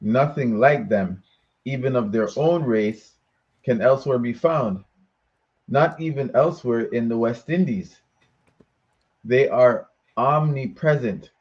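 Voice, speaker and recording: Slow male reader with a dull, muffled sound. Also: mid-range voice, darkish tone. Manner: slow, careful reading. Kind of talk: reading a book aloud.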